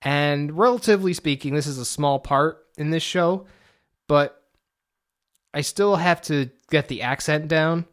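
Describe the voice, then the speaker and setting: A man's voice: fairly high pitch, measured pace. Rambling, swearing man talking to camera. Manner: rambling, profane, self-deprecating. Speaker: vlogger; amateur stage actor. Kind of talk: casual rambling monologue.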